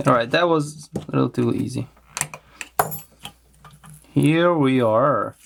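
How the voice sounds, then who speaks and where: A man with a delivery talks slowly through a hands-on electronics teardown. His voice sits at a middle pitch, and he muses aloud with plenty of fillers and restarts. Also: gravelly, background noise. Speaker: electronics teardown channel host. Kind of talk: casual hands-on teardown commentary.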